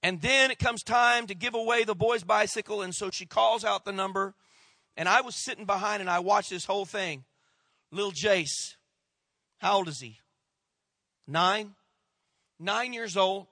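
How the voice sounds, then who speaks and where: A middle-aged man preaching a sermon as a lively storyteller, slipping into the voices of the people he quotes and sinking low for the tense parts. His voice is bright and forceful, on the high side for a man. The sound is close and dry. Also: unhurried, long pauses, no room sound. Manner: animated storyteller, acts out quoted voices, drops to hushed tones. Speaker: pastor.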